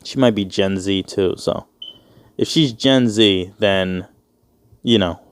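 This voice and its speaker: This podcast host, a man in his twenties, talks slowly in a fairly low, clean-toned voice. His solo show is casual and rambling, full of jokes, swearing and acted-out voices. It's studio quality with no room sound.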